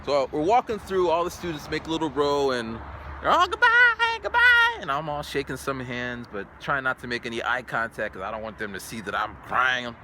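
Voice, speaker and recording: A man in his forties telling a story in a casual vlog, animated, and acting out sounds and voices. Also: fairly quick, noisy background. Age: 40s. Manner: animated, acts out sounds and voices with big pitch jumps. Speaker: English teacher in Japan.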